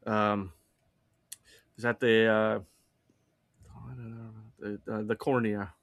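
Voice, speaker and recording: A man playing as a relaxed contestant in a casual podcast trivia game, pausing with fillers as he thinks. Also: lowish voice, creaky, dry recording.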